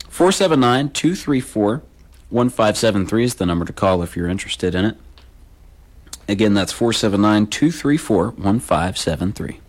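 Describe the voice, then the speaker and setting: In a radio studio, a man hosts a local call-in swap show, reading listings and phone numbers loosely and casually. He repeats the numbers and adds slangy asides, his fairly low voice animated at normal speed.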